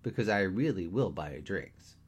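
A man playing a deadpan, teasing guy in his thirties, dry and wry with his friend. The voice is lowish with lively swings in pitch in a read-aloud story. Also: normal speed, husky.

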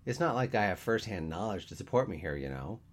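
A man voicing a wry, deadpan man in his thirties who teases his friend in a storybook reading. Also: low voice, fairly quick. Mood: deadpan, exasperated. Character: dry, teasing man past thirty, a friend.

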